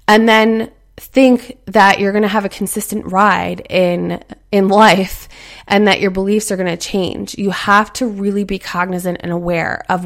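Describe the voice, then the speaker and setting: Chatty woman giving motivational talk. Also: medium pitch. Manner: chatty, acts out inner voices; earnest, encouraging.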